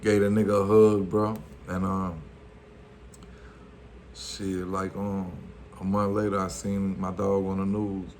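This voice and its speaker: Speaking slowly in a low, monotone, slightly mellow voice, a man with a Louisiana accent casually recounts a story from his past. He uses loose street slang, lots of fillers, and acts out the quotes. There's a faint hiss or hum on the recording.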